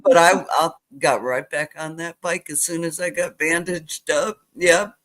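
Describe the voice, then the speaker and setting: An older woman telling childhood stories in a casual chat, animated as she retells them. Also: deep voice, unhurried. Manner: animated retelling with acted quotes. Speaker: guest.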